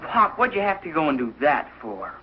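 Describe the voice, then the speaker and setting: An actor playing an awkward, embarrassed teenage son in a 1940s radio sitcom, talking hesitantly. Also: male voice, on the high side, big pitch swings, brisk, slightly rough. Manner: hesitant, fumbling. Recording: dull old radio broadcast with faint hiss.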